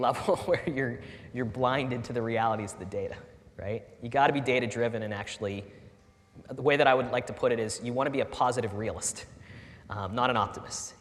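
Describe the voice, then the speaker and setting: A middle-aged man, a startup founder, speaking candidly and with feeling to an audience, often restarting his sentences. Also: mid-range voice. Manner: earnest, animated, frequent restarts and fillers. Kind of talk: candid talk at a fireside chat. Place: large lecture hall with audience. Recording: echoey hall with faint ambience.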